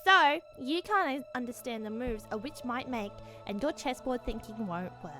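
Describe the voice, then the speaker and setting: A woman voicing an eerie little girl who lectures slowly and ominously during a casual visual novel read-along. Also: a little high, animated, music in the background, close to an everyday voice.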